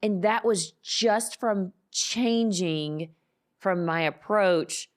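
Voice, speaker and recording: A woman's voice: mid-range voice, extremely slow. A married woman co-hosting a casual faith podcast, telling a personal story earnestly and acting out quoted lines. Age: adult, married. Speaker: podcast co-host.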